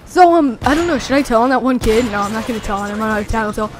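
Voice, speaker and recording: A young teenager rambling excitedly through a story with many fillers, talking over gameplay. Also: medium pitch, rapid-fire, noisy background. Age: young teen. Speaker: gameplay commentator.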